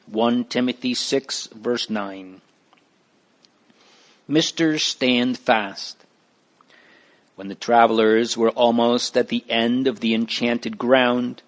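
Man, storybook narrator, slow pace, measured reading, mid pitch.

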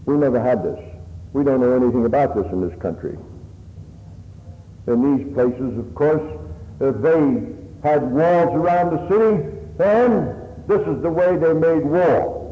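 Man preaching, kinda high voice, earnest and plain, big echoey hall, tinny like a phone. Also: measured pace. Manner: earnest, plain-spoken, rising and falling emphasis. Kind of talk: sermon.

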